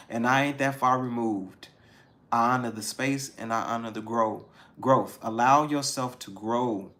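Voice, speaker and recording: A man giving a casual spiritual pep talk as a tarot reader, animated and slangy, swearing freely. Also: mid-range voice.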